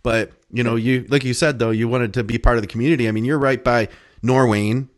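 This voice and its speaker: A man's voice: medium pitch, fairly even intonation, fairly quick. A man hosting a casual podcast interview, agreeing with his guest and asking follow-up questions. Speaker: podcast host.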